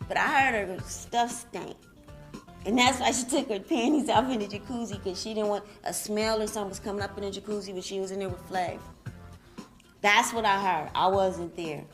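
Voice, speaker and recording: A young woman talking bluntly and gossiping in slangy speech, as a reality show contestant in a confessional interview. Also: mid-range voice.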